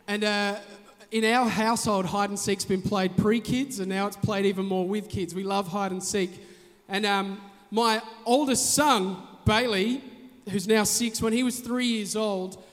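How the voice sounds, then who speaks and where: Male pastor, high-pitched, lively storyteller, long church reverb. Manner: storytelling, animated, shouts names. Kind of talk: sermon.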